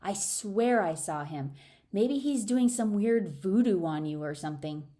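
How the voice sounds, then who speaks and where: A woman voicing an excitable, teasing young woman friend who talks loudly. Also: mid-range voice, measured pace, close to an everyday voice. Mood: excited. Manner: loud, excited.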